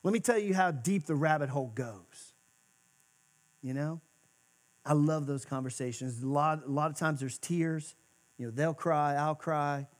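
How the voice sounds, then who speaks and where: A male pastor giving a sermon in a church, talking conversationally and moving between emphatic and hushed moments. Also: a little high, a little slow. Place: church sanctuary.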